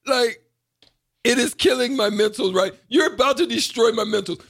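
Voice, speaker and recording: A man co-hosting a radio show in casual chat, animated and playful, laughing often. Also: extremely high pitch, moderate pace, vocal fry.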